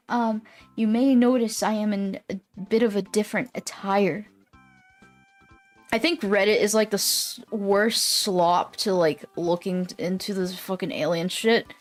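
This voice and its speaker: A woman streamer chatting casually with her viewers. She rambles, swears often and laughs easily. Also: medium pitch. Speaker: live streamer. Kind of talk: casual live-stream chat.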